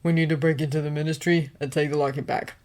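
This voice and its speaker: A woman's voice: deep voice, little pitch movement, quick pace, a little mellow, close to an everyday voice. A woman voicing an impatient teenage boy wizard who speaks sharply. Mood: stern.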